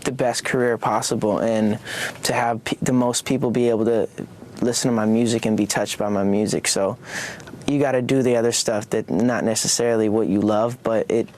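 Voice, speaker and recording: A young man talking in a casual, halting way as an interview guest, full of fillers and restarts. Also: lowish voice, fairly even intonation, darkish tone, a little hiss or hum.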